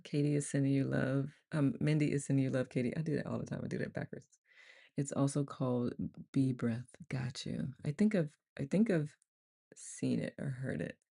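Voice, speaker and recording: A woman's voice: a bass voice, moderate pace, creaky, mellow. A woman leading a casual live online group session, chatty and rambling, laughing often as she talks to her group on camera. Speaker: meditation group leader. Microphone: on camera, computer mic.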